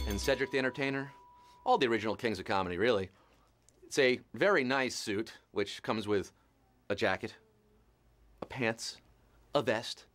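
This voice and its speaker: A man hosting a live quiz show, reading out questions and answers with a steady stream of puns and jokes. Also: a little high. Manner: punning, joking, playful.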